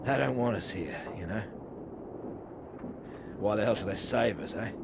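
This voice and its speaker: An actor playing a blunt, hard-drinking, injured male pilot, talking in a gruff, swearing way. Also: fairly low pitch, normal speed. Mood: weary, grim. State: injured and weary. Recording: loud vehicle and wind noise.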